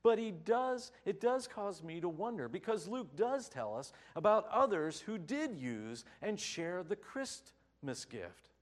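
Male preacher, sermon delivery, animated, slightly high, rhetorical questions. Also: a little slow, few pauses. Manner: expressive storytelling, rising rhetorical questions.

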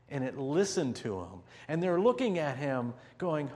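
Higher-voiced male pastor, vivid storyteller. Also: big pitch swings, a little mellow, big-room sound. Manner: vivid storytelling with slow, drawn-out emphasis. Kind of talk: sermon.

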